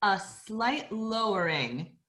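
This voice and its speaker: A woman's voice: mid-range voice, lively intonation, slow pace, a bit bright, roomy sound. A woman voice teacher coaching an opera master class over a video call, encouraging and singing phrases to demonstrate.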